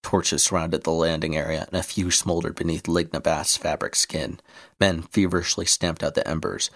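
A man reading an adventure story aloud in steady scripted narration. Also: a bass voice, normal speed.

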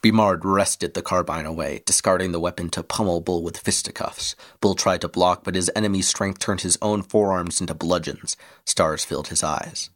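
A man reading an adventure story aloud in steady scripted narration. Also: low voice, normal speed, hardly any pauses.

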